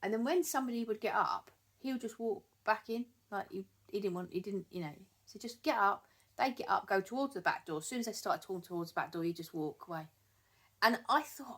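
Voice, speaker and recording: A woman's voice: mid-range voice, expressive, fairly quick, a bit bright. A woman who trains dogs, giving casual advice to camera, chatty with many ums and repeated words. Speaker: dog trainer.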